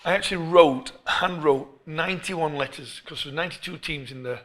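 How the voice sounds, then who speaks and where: A middle-aged English man, a football coach being interviewed, who tells stories in an animated way and often restarts his phrases. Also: on the high side, fairly quick. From England. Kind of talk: storytelling interview.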